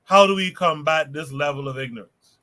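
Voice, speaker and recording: A man with a bright, forceful and somewhat high voice hosts a podcast livestream. He rambles and thinks aloud, circling back to his points. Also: moderate pace. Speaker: podcast host. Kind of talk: casual livestream discussion.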